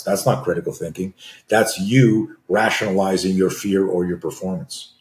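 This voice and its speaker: A man in his sixties, a self-defense coach telling a story as a podcast guest, animated and acting out dialogue with frequent restarts. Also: low voice, normal speed, roomy sound.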